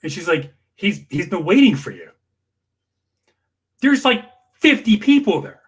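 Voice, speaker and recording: Animated husky man telling a story. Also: sits high, unhurried. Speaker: campaign worker guest. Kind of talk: storytelling anecdote.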